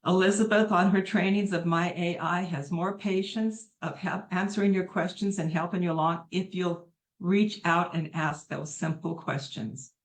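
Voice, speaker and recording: A woman's voice: fairly low pitch, fairly even intonation, moderate pace, hardly any pauses. Middle-aged woman, heartfelt testimonial on a video call, earnest and effusive. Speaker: testimonial speaker on a live call.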